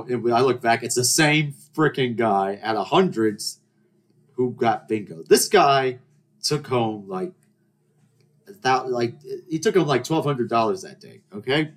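A man's voice: mid-range voice, animated, measured pace. A young man hosting a podcast, telling rambling, self-deprecating stories about his trip in a casual monologue. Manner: rambling, self-deprecating anecdotes with acted-out quotes. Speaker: podcast host.

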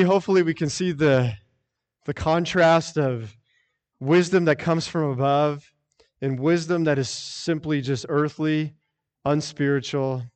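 A man preaching a sermon as pastor, earnest and repetitive, often restarting his phrases. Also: fairly high pitch.

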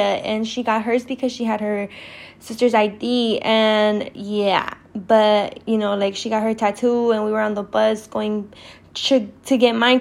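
A woman's voice: a little high, gravelly, darkish tone. A young woman from California telling a casual storytime about her teens, swearing often and filling her talk with "like". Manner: profane, chatty, lots of "like". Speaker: podcast host.

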